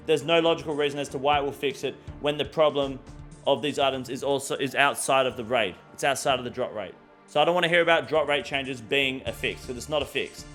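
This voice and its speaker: A man's voice: on the high side, fairly bright tone. A man hosting a weekly gaming news show, ranting bluntly and crudely with plenty of swearing. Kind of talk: casual gaming news rant.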